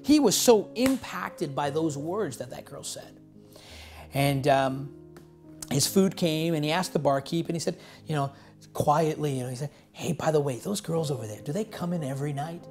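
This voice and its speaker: Halting storytelling pastor over faint music. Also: male voice, fairly high pitch, creaky, darkish tone. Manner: halting, many fillers and restarts. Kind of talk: storytelling sermon.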